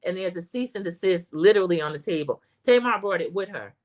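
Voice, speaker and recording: A woman's voice: fairly low pitch, lively intonation, quick pace. A woman hosting a casual livestream that recaps a reality show, talking straight to her viewers as y'all and reading their chat comments aloud.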